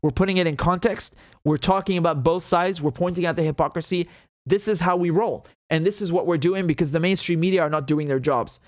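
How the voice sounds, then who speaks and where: A man's voice: a little high, fairly quick, no echo, studio quality. A man hosting a live political commentary show, talking in an indignant, sarcastic way and swearing freely.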